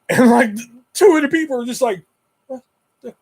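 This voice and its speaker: A man's voice: extremely high pitch, a little fast. A man hosting a livestream, telling stories in a rambling, heavily profane, casual way. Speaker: livestream host. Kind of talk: casual storytelling chat.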